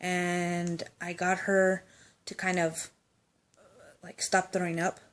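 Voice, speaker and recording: A woman's voice: on the low side, monotone, slow pace. A woman casually telling a personal anecdote, chatty and loose, with swearing and laughing asides. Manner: chatty storytelling, swears, laughs, acts out quotes.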